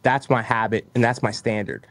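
A man's voice: fairly low pitch, fairly even intonation, moderate pace, fairly bright tone, no echo. A man from Texas telling his story as an interview guest, earnest and motivational, acting out his own thoughts. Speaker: guest, roofing business owner.

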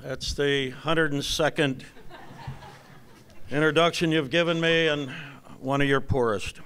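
Slow, deadpan older man telling jokes. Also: fairly high pitch, background noise. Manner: dry, deadpan joke telling. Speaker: retired basketball coach giving an induction speech. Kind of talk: after-dinner speech with jokes.

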